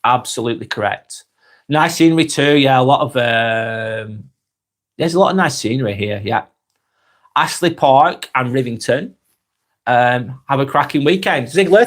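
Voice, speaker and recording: Relaxed Northwest English man. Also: medium pitch, moderate pace. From Northwest England. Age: 40s. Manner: relaxed, friendly, chatty. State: getting over a cold. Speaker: live stream host reading comments. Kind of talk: casual live chat.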